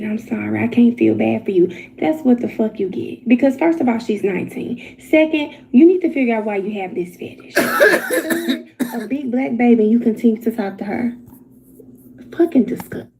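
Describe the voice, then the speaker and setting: A woman's voice: fairly high pitch, creaky, warm tone, a little hiss or hum, low-quality recording. A woman in an online commentary video, talking in a blunt, indignant and profane way.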